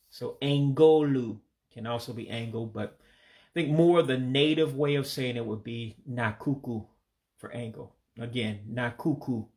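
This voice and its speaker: A man who speaks English as his first language gives a casual vocabulary lesson, repeating each word slowly and pronouncing it carefully. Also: mid-range voice, darkish tone. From United States. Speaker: language learner teaching vocabulary.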